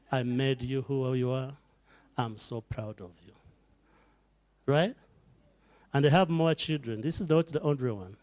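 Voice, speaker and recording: High, slow man preaching to a crowd. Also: clean tone. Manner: preacherly, addresses the crowd directly, building to fervent peaks. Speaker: charity founder addressing donors. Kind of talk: emotional fundraising speech. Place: event hall before a live audience.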